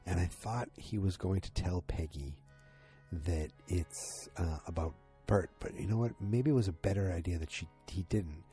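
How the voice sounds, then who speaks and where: A man casually recapping a TV episode. He rambles excitedly and acts out the lines he quotes. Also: low-pitched.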